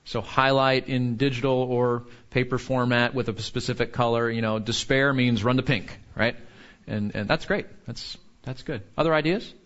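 A man's voice: mid-range voice, steady tone, moderate pace, fairly bright tone. A man teaching a Bible class in an earnest, questioning way, drawing answers from the group. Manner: earnest, asks the room questions, frequent restarts. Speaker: pastor or teacher. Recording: dull lo-fi recording.

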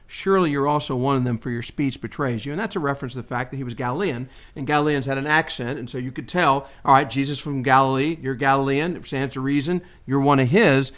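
A man's voice: quick pace, hardly any pauses. A man hosting a Bible discussion, teaching conversationally and acting out the quoted lines. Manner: animated, acts out quotes with rising pitch. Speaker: Bible study host.

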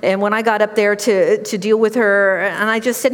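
A middle-aged woman giving a sermon, telling personal stories in a conversational, animated way. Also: mid-range voice, normal speed, hardly any pauses, big-room sound. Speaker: preacher.

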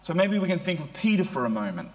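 A man's voice: high voice, very animated, quick pace. A middle-aged man preaching a sermon in a conversational way, often putting rhetorical questions to his listeners.

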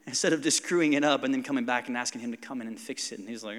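A man in his forties preaches in a casual, animated way and slips into little acted-out quotes. His mid-pitched voice carries into a church hall with a long reverb tail. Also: quick pace. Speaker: pastor. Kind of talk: sermon.

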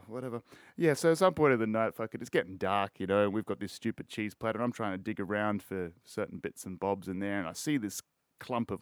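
An Australian man chats loosely on his podcast in a relaxed, meandering way, dropping swear words through nearly every sentence. His voice sits at an ordinary middle pitch. The sound is dry, with no room echo. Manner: rambling, swears constantly, laid-back. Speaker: podcast host. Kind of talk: casual chat.

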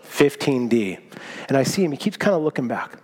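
A man preaching a sermon, telling a personal story in a lively, self-mocking way. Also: medium pitch, fairly quick, breathy edge. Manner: animated storytelling, self-mocking, laughs at himself. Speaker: pastor. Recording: long hall reverb.

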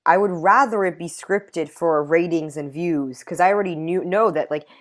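A young woman with a New York accent, chatting on a podcast in an animated, indignant way, full of "like" fillers. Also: fairly low pitch, moderate pace. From New York City. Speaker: podcast guest. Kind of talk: casual chat.

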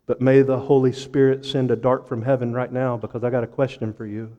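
A man preaching a sermon with impassioned rhetorical questions, pausing for effect and dropping to a hush. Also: medium pitch, level tone, in a large hall, lo-fi sound. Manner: impassioned preaching with dramatic pauses and sudden drops to a hush. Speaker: pastor.

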